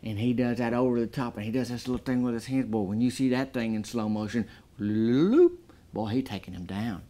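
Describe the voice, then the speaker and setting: A man giving a deadpan comedic movie review, talking in a folksy drawl and building up exaggerated hype. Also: medium pitch, quick pace.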